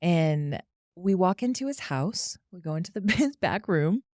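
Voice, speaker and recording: A woman's voice: on the low side, animated, unhurried, a little mellow, no room sound, clean studio sound. Frank, foul-mouthed woman telling a story. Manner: candid, profane, laughing as she tells it. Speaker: podcast guest. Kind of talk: casual storytelling.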